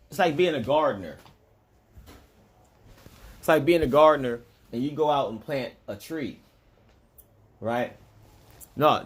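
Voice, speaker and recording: A man speaking in a relaxed, rambling vlog monologue. He talks straight to the listener in a voice of ordinary pitch. He drifts from point to point and chuckles between them. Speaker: vlogger.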